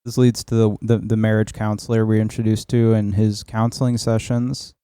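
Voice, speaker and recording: A man with a warm, mellow voice walks through film scenes in a rambling, casual style as a podcast co-host, swearing now and then. The recording is dry and close. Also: fairly low pitch, level tone, normal speed, clean tone, no echo. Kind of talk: casual film review chat.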